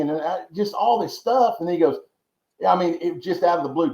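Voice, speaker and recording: A man's voice: a little high, lively intonation, fairly quick, a little mellow. Rambling man on a roomy call. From Georgia, US. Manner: rambling, repeats words, folksy asides. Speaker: podcast guest. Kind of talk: casual storytelling interview. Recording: roomy, dull lo-fi sound.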